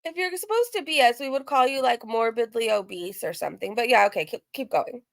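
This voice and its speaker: A woman hosts a live reaction stream, chatting in a giggly, bewildered way. Her voice is very high, and the sound is close and dry. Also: expressive, brisk, creaky, dry recording. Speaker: reaction channel host.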